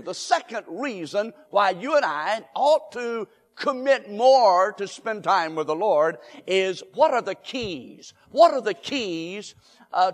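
A male pastor preaching a sermon, building to emphatic shouts and leading the congregation in call and response. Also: high-pitched. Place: church sanctuary. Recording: long hall reverb.

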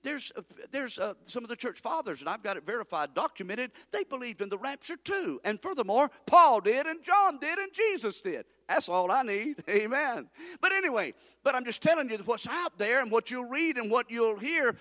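A man's voice: very high-pitched, big pitch swings, moderate pace, bright, forceful tone. A male pastor preaching an emphatic sermon and having the congregation repeat phrases after him. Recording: long hall reverb.

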